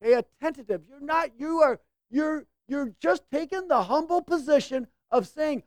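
A woman's voice: high voice, lively intonation, moderate pace, darkish tone, no room sound. A woman preacher teaching in a conversational sermon, often checking in with her listeners and acting out quoted lines. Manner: conversational, acts out quoted lines with shifting voices.

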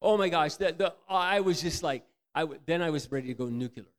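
A man preaching a candid, self-mocking storytelling sermon, swinging from loud outbursts to near-whispers. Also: fairly high pitch, a little fast. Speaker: pastor.

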